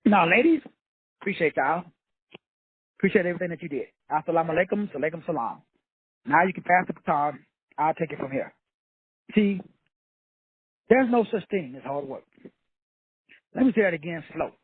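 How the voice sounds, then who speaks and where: A man's voice: on the high side, lively intonation, moderate pace, long pauses, husky, no room sound. A man giving a fiery motivational lecture, preachy and blunt, repeating his points with profanity. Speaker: motivational teacher. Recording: tinny phone-like dry sound.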